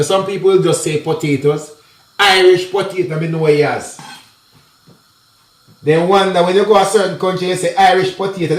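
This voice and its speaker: Jamaican man, home cooking vlog; high voice, chatty patois, roomy kitchen sound. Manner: chatty patois mixed with English, addresses viewers directly. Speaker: cooking vlogger. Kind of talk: casual cooking tutorial.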